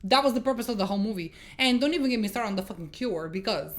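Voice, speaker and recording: A woman's voice: mid-range voice, very fast. A woman giving a casual movie review, exasperated and swearing as she retells scenes. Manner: exasperated, swearing, animated storytelling.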